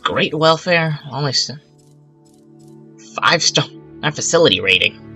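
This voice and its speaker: Gaming host, male, rambling let's-play chatter, bright tone, higher voice, faint game music under. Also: lively intonation, unhurried, vocal fry. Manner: rambling, self-talking, exasperated asides. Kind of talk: casual let's-play commentary.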